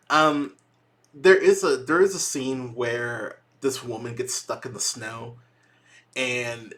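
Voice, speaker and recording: A young man hosts his own movie review podcast alone in casual, unscripted talk. His voice is bright and forward, and he rambles through the points with frequent restarts and plenty of cursing. He sounds exasperated, with a joking edge. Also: mid-range voice, unhurried.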